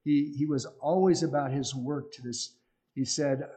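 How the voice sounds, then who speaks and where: Middle-aged male preacher, earnest conversational sermon delivery, warm dark tone. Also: a little high, steady tone, measured pace. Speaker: missionary speaker.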